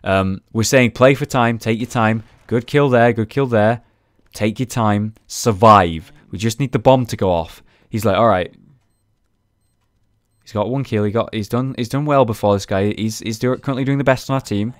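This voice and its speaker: A young man talks through his match in casual, chatty commentary, swearing now and then. His voice sits low, and the recording is dry and close with no room sound. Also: moderate pace, dry recording. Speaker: gaming video host.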